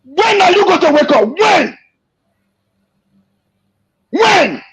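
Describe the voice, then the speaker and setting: A man giving an emotional, impassioned political rant, repeating himself and shouting in anger. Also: extremely high pitch, very animated, slow pace. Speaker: activist speaking to an interviewer. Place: abroad. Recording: dull lo-fi recording.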